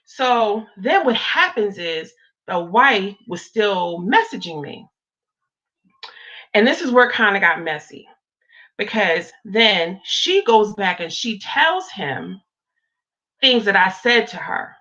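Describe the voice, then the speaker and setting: A woman in her thirties telling a dramatic personal story in an animated, casual vlog. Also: mid-range voice, takes it slowly. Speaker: vlogger. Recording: dull lo-fi audio.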